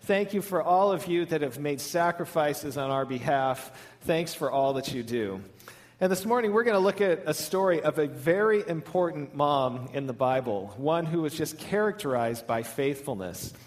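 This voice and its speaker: A male lead pastor giving a sermon, telling a funny story in a warm, storytelling manner. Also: fairly high pitch, expressive, normal speed.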